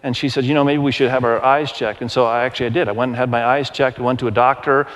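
A man in his forties preaching a sermon to his congregation, telling stories in a conversational, animated way and asking the crowd questions. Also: medium pitch, fast talker. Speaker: pastor. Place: large church auditorium. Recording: long hall reverb.

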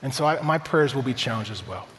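A man's voice: mid-range voice, expressive, quick pace, fairly bright tone, slight background noise. Upbeat man preaching in reverberant church. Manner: upbeat, conversational, tells personal stories. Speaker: pastor. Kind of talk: sermon. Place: church sanctuary.

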